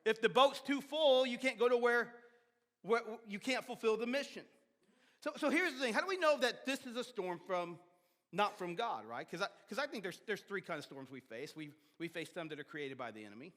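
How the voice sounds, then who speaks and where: A man preaching a sermon as pastor, animated, with sudden shouts and soft drops, often repeating and restarting words. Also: high voice, a little fast. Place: church sanctuary. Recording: long hall reverb of a church sanctuary.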